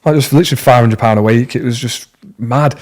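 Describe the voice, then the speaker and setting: A young British man, a podcast guest, telling stories in a casual, slangy, animated way. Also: mid-range voice, fast talker. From Britain. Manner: animated, slangy, acts out dialogue in lively bursts. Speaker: podcast guest, tattoo artist. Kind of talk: casual storytelling.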